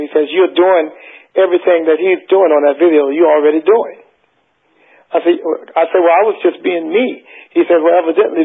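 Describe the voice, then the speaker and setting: A man's voice: fairly high pitch, gravelly, breathy edge. A man guest in an interview, telling stories animatedly, acting out the voices of the people he quotes and stumbling over his words. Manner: animated, acts out quoted voices, stammers on restarts. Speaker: interview guest, tribute singer. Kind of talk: storytelling on a phone interview. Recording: tinny phone line.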